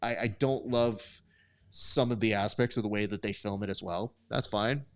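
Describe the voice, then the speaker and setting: Smooth-voiced man hosting a live stream. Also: on the low side, normal speed. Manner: casual, profane, bantering with chat. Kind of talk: live sports commentary and chat reading.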